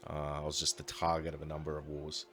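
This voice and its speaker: A man's voice: extremely low pitch, completely flat delivery, quick pace, fairly bright tone, a little hiss or hum. A man giving casual, upbeat commentary as he plays a strategy game and thinks aloud. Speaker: let's play host.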